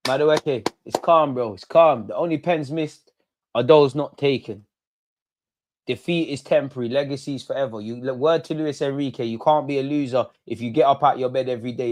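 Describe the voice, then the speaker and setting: A man's voice: mid-range voice, fairly quick, no echo. A young man hosting a live football watch-along, heckling penalty takers and ranting casually. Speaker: football fan channel host.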